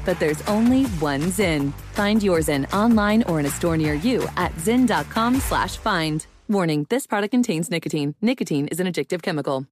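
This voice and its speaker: A woman announcer reading a scripted commercial in a smooth, even way. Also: fairly low pitch.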